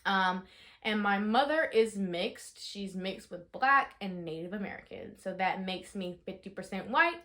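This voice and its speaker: A young woman in her twenties, telling a story casually in a vlog, chatty and full of fillers, shouting out the dramatic parts. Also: mid-range voice, a little slow. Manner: chatty, animated, lots of fillers, rises to shouting in re-enactments. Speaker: vlogger.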